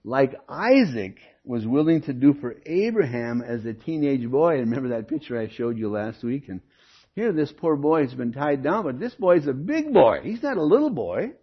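Older male pastor, animated and husky. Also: mid-range voice, normal speed. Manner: animated teaching, rhetorical questions. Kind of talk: expository sermon. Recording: dull lo-fi sermon recording.

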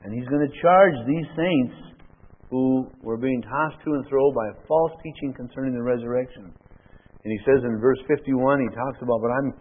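A man preaching a sermon with scripture reading, emphatic, moving between loud declarations and quiet asides. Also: medium pitch. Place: church with overhead projector. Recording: tinny phone-like radio broadcast.

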